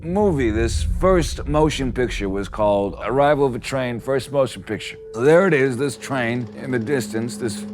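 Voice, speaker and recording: A man doing an old storyteller, theatrical, medium-pitched, music bed. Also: normal speed, few pauses, a little mellow, close to an everyday voice. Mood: reminiscing. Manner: tall-tale storyteller, theatrical. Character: rambling old man recalling early cinema. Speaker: interviewee in a comic short film.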